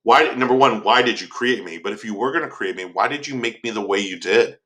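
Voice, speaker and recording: A man's voice: lowish voice, a little fast, a bit bright, lightly acted. A man voicing a lonely, anguished male creature in a casual classroom retelling of a novel. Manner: pleading, questioning.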